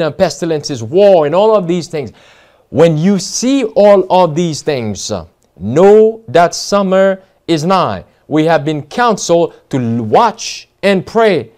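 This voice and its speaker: An American man preaching a Bible study sermon, reading passages aloud with many fillers and restarts, stressing key words. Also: a little high.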